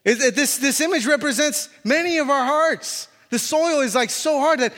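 A man preaching a sermon as a pastor, animated and conversational, full of fillers and restarts. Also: very high voice, normal speed. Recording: reverberant hall.

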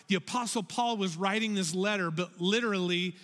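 A man giving a children's sermon in an animated way, getting the kids to repeat phrases back to him. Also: high voice, fairly quick, few pauses. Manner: animated, calls for audience repetition. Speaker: children's pastor. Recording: long hall reverb.

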